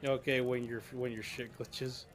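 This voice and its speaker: A man running a tabletop game as game master, casual and quick to swear at technical glitches. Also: mid-range voice, little pitch movement.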